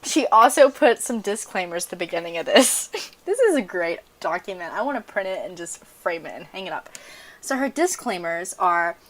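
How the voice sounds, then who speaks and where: A woman's voice: on the low side, big pitch swings, normal speed, fairly bright tone. A young American woman hosting a podcast, chatting frankly and laughing easily. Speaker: podcast host. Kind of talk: casual chat.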